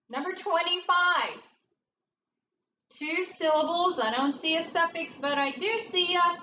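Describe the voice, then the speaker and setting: A woman teaching a phonics lesson, slowly working through each word aloud and thinking it over as she goes. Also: extremely high pitch. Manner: slow, deliberate, thinking aloud. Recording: dull, roomy, distant mic with faint noise.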